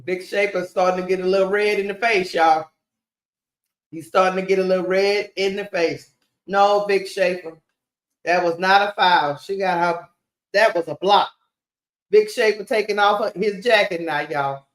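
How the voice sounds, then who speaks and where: A woman hosting a live watch-party stream, calling a basketball game play by play in a casual, animated way and talking straight to her viewers. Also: mid-range voice, moderate pace. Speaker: sports stream host. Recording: roomy echo.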